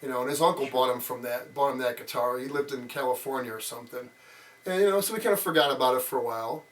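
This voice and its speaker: A man's voice: medium pitch, fast talker. A man in his sixties telling childhood stories in a casual interview, rambling with lots of fillers. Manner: rambling, many fillers, acts out quotes. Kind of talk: casual storytelling. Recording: voice a bit far from mic.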